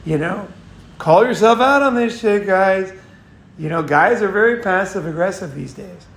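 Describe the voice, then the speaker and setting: A man's voice: high-pitched, animated, moderate pace, gravelly, a bit bright, echoey room. A man hosting a casual advice monologue, blunt and profane, often restarting and repeating himself. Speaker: host.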